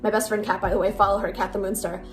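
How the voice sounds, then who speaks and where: A young woman in her twenties telling a storytime to camera, animated and blunt, swearing freely. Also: medium pitch, quick pace. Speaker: TikTok storyteller. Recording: music bed underneath.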